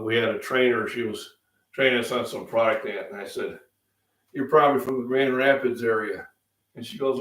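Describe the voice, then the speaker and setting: A man's voice: medium pitch, fairly bright tone. Midwest guy rambling on his breakfast chat, a bit sick, kinda far from the mic in an echoey room. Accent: Midwestern American. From Illinois, US Midwest. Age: middle-aged. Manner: rambling, chatty, frequent fillers. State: under the weather, coughing and throat-clearing. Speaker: fitness channel host. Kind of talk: casual live-stream breakfast chat.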